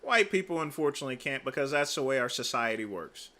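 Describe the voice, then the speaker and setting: Lively, bright-voiced male stream host. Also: medium pitch, fast. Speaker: livestream host. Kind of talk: sarcastic commentary on clips.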